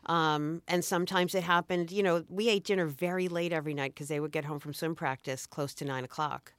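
Brief: middle-aged woman guest, low voice, relaxed and thoughtful, dry close sound. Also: fairly quick, clear, resonant tone, dry recording. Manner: thoughtful, restarts often, easygoing. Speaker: podcast guest, food blogger. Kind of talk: casual chat.

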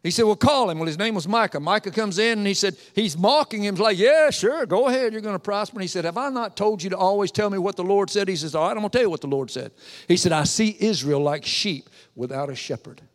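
A man preaching a sermon in a church, retelling a Bible story with lively storytelling and voicing its characters. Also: high voice, quick pace. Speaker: pastor. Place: church sanctuary. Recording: long reverb of a hall.

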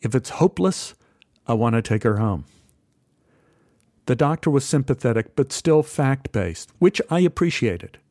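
A middle-aged man telling a personal story in an earnest, measured and heartfelt way. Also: medium pitch, expressive, darkish tone, no echo, studio quality.

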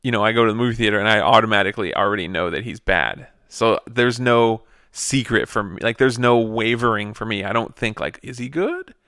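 A man co-hosting a podcast, chatting about a movie in an animated, teasing way and laughing often. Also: lowish voice, fairly quick, hardly any pauses, clean tone, no room sound, studio quality. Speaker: podcast co-host. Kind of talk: casual chat, movie discussion.

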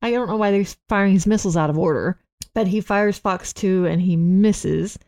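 A woman co-hosting a casual chat show from home, retelling scenes with lively put-on lines and frequent laughs. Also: mid-range voice, moderate pace. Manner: animated, acts out movie lines, laughs often. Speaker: podcast co-host.

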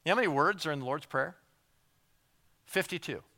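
A male pastor preaching with a bright, forceful tone and a voice pitched a little high. He keeps it chatty and animated, stumbling over repeated words and slipping into acted-out asides. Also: brisk. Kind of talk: sermon.

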